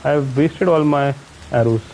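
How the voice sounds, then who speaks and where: A man's voice: medium pitch, moderate pace, a little mellow, slight background noise, poor audio. A man from India with an Indian accent, giving casual commentary on his own gameplay, muttering to himself and chatting with viewers. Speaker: streamer.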